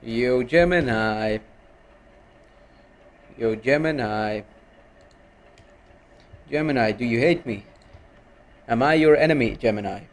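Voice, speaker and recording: Slow, bossy male streamer. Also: mid-range voice. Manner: bossy, heckling an AI assistant. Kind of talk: casual live stream chat.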